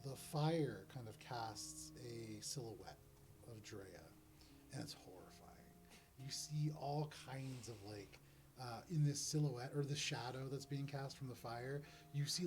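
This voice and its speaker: A man's voice: mid-range voice, measured pace, darkish tone, soft background music. A man narrating a tabletop game as game master, describing scenes and dropping into character voices.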